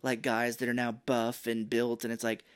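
A man co-hosting a casual podcast, recapping a movie and acting out its lines in high, mocking put-on voices. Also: monotone, moderate pace, clean tone. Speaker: podcast co-host.

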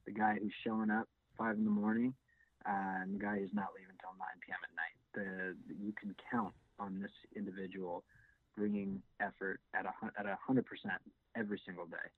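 Low-voiced guy on a tinny line, lots of ums and restarts, sports podcast chat. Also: flat delivery, brisk, no room sound. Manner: hesitant, many fillers and restarts. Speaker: podcast co-host. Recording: tinny phone-like sound.

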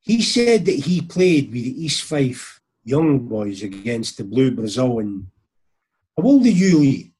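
A Scottish man in casual chat, telling animated anecdotes and acting out the people in them. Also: medium pitch, a little slow, husky. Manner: broad, animated storytelling with acted quotes.

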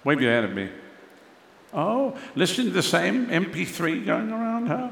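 A middle-aged male pastor preaching a sermon, swinging between loud declarations and hushed asides. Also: high-pitched, big pitch swings, moderate pace, gravelly, a little hiss or hum. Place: large church hall. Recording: echoey hall reverb.

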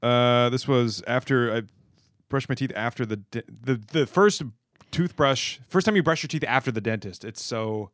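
A young man co-hosting a casual podcast chat, telling deadpan jokes in a laid-back way. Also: medium pitch, normal speed, dry recording, studio quality. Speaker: podcast co-host.

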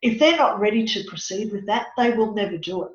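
A woman working as a psychic medium and counsellor, telling a story in an animated, dramatic way during an interview. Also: medium pitch, fairly quick. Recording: echoey, dull lo-fi room.

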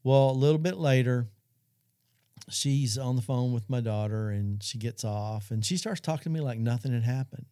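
Middle-aged man, Christian talk host, earnest storyteller, warm low tone, dry close sound. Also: normal speed, clear, resonant tone, no room sound. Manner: earnest storytelling, addresses audience. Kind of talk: Christian talk show testimony.

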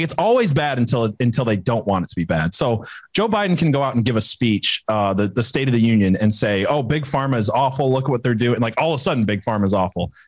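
A man in a casual political chat, opinionated and quick to laugh. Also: medium pitch, dry recording. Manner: opinionated, laughs often, hesitant fillers and restarts.

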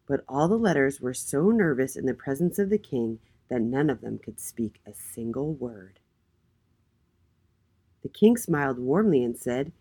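Woman, storybook host for kids, low husky voice, lively intonation. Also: unhurried. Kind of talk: storybook read-aloud for children.

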